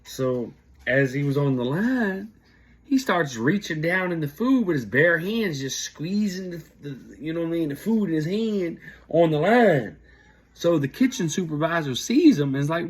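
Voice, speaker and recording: A man, casually telling stories about prison life and quoting people in a raised, animated voice. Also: moderate pace, husky. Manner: animated, jumps high when quoting others. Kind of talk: casual storytelling.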